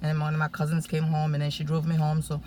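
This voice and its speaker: A woman sharing a personal testimony in casual, animated storytelling, full of fillers and acted-out quotes. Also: sits low, fast talker, a little hiss or hum. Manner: animated, acts out quoted speech, many fillers.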